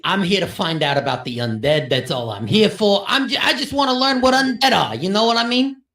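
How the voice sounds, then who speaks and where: A woman's voice: medium pitch, lively intonation, fairly quick, a bit bright. Woman playing a blunt, laid-back orc woman. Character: casual friendly middle-aged orc woman. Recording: echoey, from a distance.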